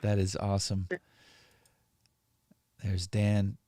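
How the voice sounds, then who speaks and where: A man's voice: deep voice, monotone, takes it slowly, mellow, no room sound. A man hosting a live stream, chatting in an easygoing way and laughing often. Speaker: livestream host. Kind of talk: casual live-stream chat.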